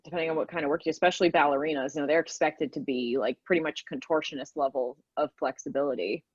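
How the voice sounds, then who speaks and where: A woman with a very low voice, a dancer and trainer guesting on a podcast, talking frankly and easily. Her audio is muffled and lo-fi, with a dry sound. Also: steady tone, fast, breathy edge, no room sound. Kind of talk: casual podcast interview.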